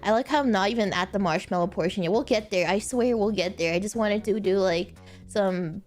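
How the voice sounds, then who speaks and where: A young woman streaming casual chat, giggling often and breaking into high laughter. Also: brisk, faint music behind. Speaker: VTuber streamer.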